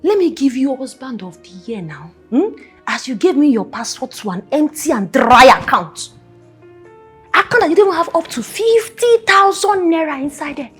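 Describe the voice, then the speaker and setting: An actress with a Nigerian accent playing a defiant, sharp-tongued young wife, given to mocking and dramatic outbursts in a film drama. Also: female voice, sits high, big pitch swings, moderate pace, faint music behind.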